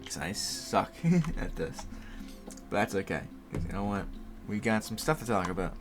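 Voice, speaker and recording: A man in his twenties hosts a solo podcast from his home setup by a computer, speaking into a desk mic positioned higher and farther from the machine. His lowish voice swings widely in pitch at a moderate pace over music. He rambles, laughs often, and swears casually.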